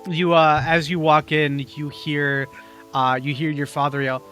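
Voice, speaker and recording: Bright-voiced man running a game. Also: on the high side, level tone, smooth, faint music behind. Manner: halting, many fillers. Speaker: game master. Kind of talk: narrating a tabletop game.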